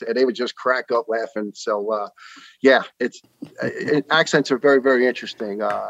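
A man in his fifties with a New York accent, a podcast guest telling stories earnestly with many pauses and uhs. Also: medium pitch, gravelly, no room sound, muffled recording. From New York City. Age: 50s. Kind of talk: casual interview talk.

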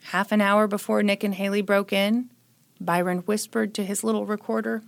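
A woman co-hosting a casual true-crime chat, retelling the details of a case with wry, dark jokes. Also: medium pitch, flat delivery, moderate pace, vocal fry. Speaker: podcast co-host.

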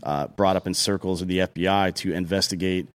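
A man's voice: sits low, steady tone, a little fast. A man co-hosting a podcast, talking bluntly and heatedly with plenty of swearing. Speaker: podcast co-host. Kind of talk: casual profane opinion talk.

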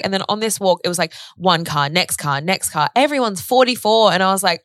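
A young woman co-hosts a podcast in a casual chat, talking candidly and emotionally, sprinkling in lots of "like" and the occasional swear word. Her mid-range voice has lively intonation and a moderate pace. The recording is dry and studio quality.

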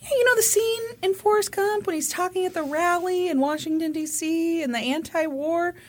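A woman's voice: very high voice, normal speed, slight background noise. A woman co-hosting a podcast, reacting and joking in casual chat. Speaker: podcast co-host.

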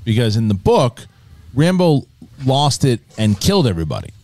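Animated man hosting a panel show. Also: medium pitch, normal speed. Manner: animated storytelling, swears, laughs often. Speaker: podcast host. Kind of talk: casual panel chat.

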